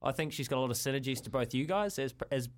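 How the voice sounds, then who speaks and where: A man hosting talk radio, speaking in an earnest, measured and thoughtful way. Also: mid-range voice. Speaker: radio host.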